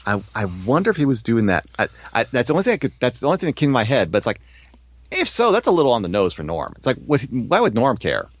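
Lively-voiced man hosting a podcast. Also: mid-range voice, fast, slightly rough, dry recording. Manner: animated, thinks aloud with restarts and asides. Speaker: podcast host. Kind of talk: casual chat about a sitcom episode.

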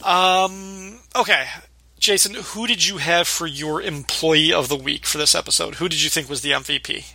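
A man's voice: fairly high pitch, normal speed, vocal fry, pushed and bright, dry recording. A man co-hosting a podcast, chatting casually about a sitcom episode and quoting its lines. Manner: chatty, quotes lines with light laughter. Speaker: podcast co-host.

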